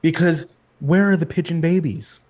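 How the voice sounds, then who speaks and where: A man's voice: a little high, moderate pace, darkish tone. Give me a laughing Brooklyn-born man. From New York City, Brooklyn. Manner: laughs often, jokey storytelling. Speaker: podcast guest. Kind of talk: casual podcast chat.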